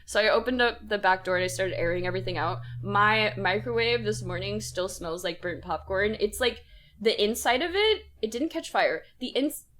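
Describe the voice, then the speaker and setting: Telling a story on a podcast she co-hosts, a young woman chats casually and laughs a lot, full of animation. Her mid-range voice moves at a moderate pace over a little hiss or hum.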